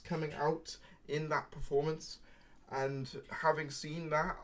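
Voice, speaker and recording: A man hosting a livestream from his room, giving his frank opinions in a rambling way, often hedging his words. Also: mid-range voice. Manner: frank, meandering, hedges with "I guess" and "sort of". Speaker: YouTube livestream host. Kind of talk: opinionated casual monologue. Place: home room.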